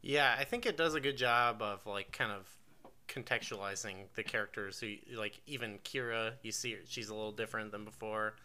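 A man's voice: on the low side, brisk, sharp tone, slight background noise. A man guesting on a casual podcast chat, speaking hesitantly with lots of fillers.

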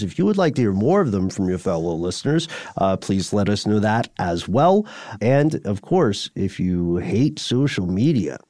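A man's voice: fairly low pitch, sing-song, a little slow, darkish tone, dry recording, studio quality. A man co-hosting a podcast in casual chat, wry and rambling, thinking aloud with fillers. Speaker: podcast co-host.

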